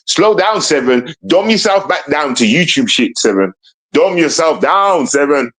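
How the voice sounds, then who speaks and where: The audio is poor, and the man's voice sits a little high. He's running a live stream show, needling someone with rhetorical question after rhetorical question while repeatedly addressing his audience.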